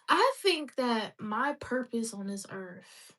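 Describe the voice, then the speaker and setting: Woman in her twenties, rambling livestream host, higher voice with a sharp edge, laughs a lot. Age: 20s. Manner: chatty, rambling, laughs often. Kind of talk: casual livestream chat.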